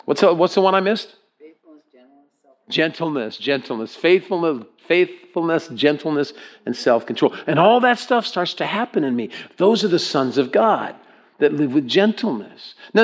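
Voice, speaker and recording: A pastor preaching a sermon to his congregation, emphatic, repeating words and asking them questions. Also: a little high. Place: church hall with congregation.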